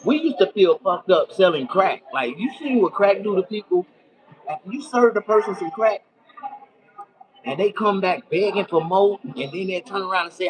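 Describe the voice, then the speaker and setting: A man's voice: high-pitched, animated, moderate pace, crowd noise, rough recording. A middle-aged man ranting crudely to his viewers in casual, boisterous storytelling. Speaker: streamer.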